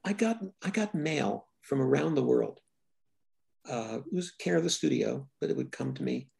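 An older man, a filmmaker, giving thoughtful, halting interview answers full of restarts. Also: medium pitch, sing-song, vocal fry, a little mellow, slightly rough. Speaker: filmmaker guest.

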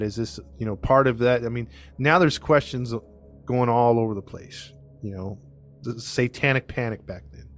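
A man hosting a podcast, casually telling a true-crime story to his co-hosts, rambling with many fillers. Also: mid-range voice. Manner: rambling, filler-heavy, restarts often.

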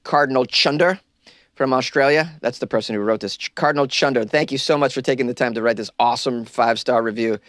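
A man chats through his solo podcast in a relaxed, rambling way and often pokes fun at himself. His voice sits at an ordinary middle pitch. The sound is close and dry, from a small closet. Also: quick pace, few pauses, dry recording. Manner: loose, rambling, self-deprecating. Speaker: podcast host. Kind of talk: casual solo podcast chat.

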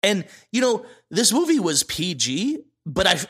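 This is a man co-hosting a podcast, talking in quick, excitable bursts and breaking into giggles. His voice sits a little high and sounds bright and forward, full of energy as he gushes and does little quotes. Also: breathy edge. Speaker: podcast co-host. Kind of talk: casual chat.

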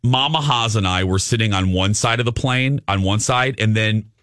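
A man's voice: fairly low pitch, moderate pace, no room sound, studio quality. A middle-aged man hosting a radio show, telling campy, sassy stories in a casual chat. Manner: animated storyteller, campy and sassy. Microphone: studio mic.

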